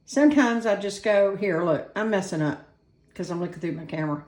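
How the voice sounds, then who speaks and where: A woman's voice: mid-range voice, expressive, brisk, a little mellow. A woman hosting a casual home cooking video, chatting and poking fun at herself as she works in front of a camera on a tripod. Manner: chatty, self-deprecating, talks while working. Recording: echoey room.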